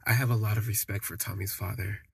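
A young man recounts his own story in a reflective, halting way, often restarting his sentences. His low voice is gravelly and heavily husky. The delivery stays flat and the sound is dry and close. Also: no echo. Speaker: podcast storyteller. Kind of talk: personal storytelling.

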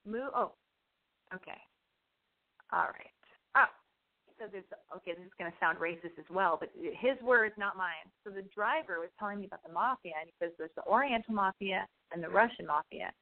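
A woman's voice: medium pitch, normal speed. A young woman hosting an online radio show, telling a story in a rambling, profane, self-interrupting way. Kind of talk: casual rambling monologue. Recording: phone-like narrow band audio.

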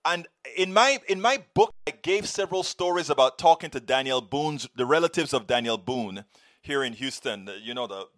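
His pitch is medium and his intonation lively, moving at a moderate pace with a slightly bright tone. He's an author and guest caught up in a passionate debate, pressing his arguments emphatically, repeating himself, and sharing anecdotes.

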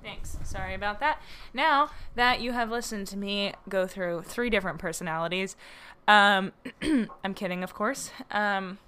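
A woman's voice: medium pitch, normal speed, bright, forceful tone, slight background noise. A young woman hosting her own podcast, chatting loosely and joking at her own expense, with lots of fillers and laughter. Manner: rambling and self-mocking, with frequent fillers; laughs often between thoughts. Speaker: podcast host. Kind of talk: casual solo podcast chat.

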